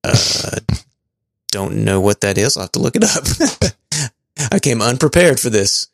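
Gravelly-voiced guy cohosting a podcast, reads listener notes, kinda stumbly and laughy, dry close sound. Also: mid-range voice, big pitch swings, slow pace, dry recording. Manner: stumbling, chuckling, thinking aloud. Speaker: podcast co-host. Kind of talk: casual chat, reading out listener messages.

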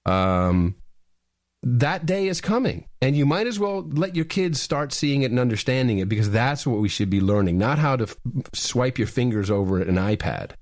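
A man co-hosting a podcast, his mid-pitched voice swinging widely as he talks. He sounds emphatic and urgent, stacking up repeated words. The recording is close and dry. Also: moderate pace, no echo. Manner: animated, emphatic, repeats words when excited. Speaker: podcast co-host. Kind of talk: casual chat.

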